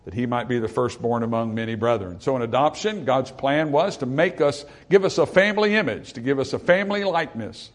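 A man preaching a sermon, reading scripture aloud and explaining it in a plain, conversational way, with passages that build through repetition and rising emphasis. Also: mid-range voice. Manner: plain, conversational asides with fillers.

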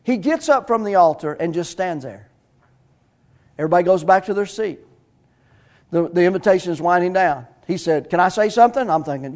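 A middle-aged pastor preaches a sermon. His voice sits high for a man. He talks in a folksy, storytelling way that builds into bursts of praise. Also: animated, brisk, darkish tone.

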